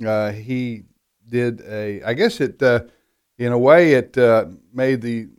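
Halting middle-aged man on talk radio. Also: medium pitch, steady tone, clear, resonant tone. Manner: halting, many restarts and fillers. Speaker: radio network executive and guest. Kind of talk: radio talk show conversation.

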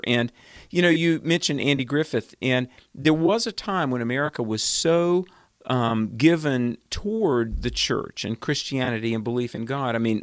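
A man's voice: medium pitch, no room sound. A man co-hosting a casual interview, asking a long question in an earnest, complimentary way. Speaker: co-host.

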